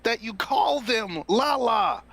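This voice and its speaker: High, slow-talking man. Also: lively intonation, bright, forceful tone. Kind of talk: casual podcast chat.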